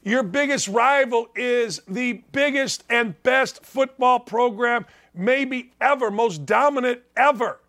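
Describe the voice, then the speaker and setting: A man's voice: very high-pitched, slow, few pauses, a bit bright. A man in his sixties from northwest Indiana hosting a sports talk show, ranting and mocking in an opinionated monologue that keeps repeating its points.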